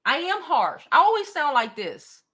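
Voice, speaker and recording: A direct woman hosts a beauty livestream and answers comments without softening anything. Her voice sits high and bright, and her pitch swings widely. She swears casually. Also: very animated, moderate pace. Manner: blunt, direct, swears freely. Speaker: beauty channel host.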